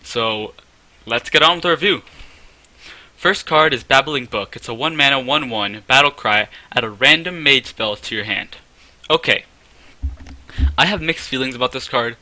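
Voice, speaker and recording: Male card reviewer, chatty and self-correcting, sharp bright tone. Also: mid-range voice, no room sound. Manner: chatty, self-correcting, rates things out of ten. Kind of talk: casual game card review.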